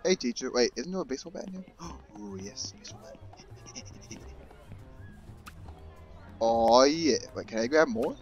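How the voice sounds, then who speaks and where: A man giving casual let's-play commentary, excitable, yelling and swearing at characters in the game. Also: mid-range voice, unhurried, long pauses, highs cut off, over music. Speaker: gaming YouTuber.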